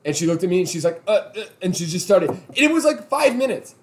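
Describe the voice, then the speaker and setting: A man who works as a tax accountant, ranting in animated, exasperated casual chat. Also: high-pitched, fast.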